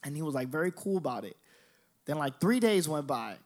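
Young male storyteller, slightly high voice, lively and profane, performs the other characters' lines. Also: fairly quick. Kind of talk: storytelling monologue.

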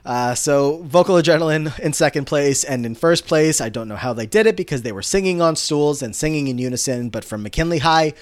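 A man's voice: fairly high pitch, fairly quick, few pauses. A man co-hosting a podcast, casually recapping a TV episode and quoting the characters as he tells it. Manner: storytelling recap that quotes characters.

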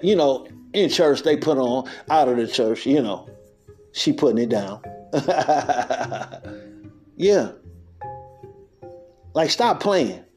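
A man with a slightly high voice talks in a loose, street-talking monologue on spiritual matters. He laughs often and acts out quotes. Soft music runs under him. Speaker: podcast host.

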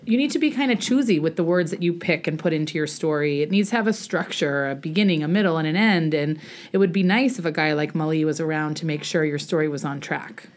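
A woman's voice: low voice, fast. A woman chatting casually and thoughtfully, with small hesitant restarts. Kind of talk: casual chat.

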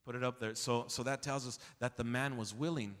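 A man pastor preaching an expository sermon with passion, swinging from low confiding tones to near-shouts and calling on the congregation to answer back. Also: steady tone, fairly quick. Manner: calls out to the congregation for responses. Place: church sanctuary. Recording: long hall reverb in a church.

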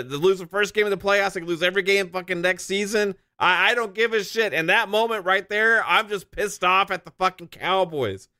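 A man's voice: sits high, sharp tone. A man co-hosting a podcast, ranting with heavy profanity in casual chat. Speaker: podcast co-host.

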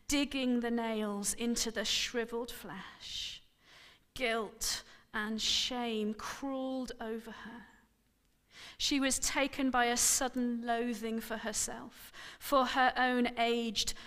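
Slow, expressive woman preacher. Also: fairly high pitch, long reverb tail. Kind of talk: sermon with dramatic scripture reading.

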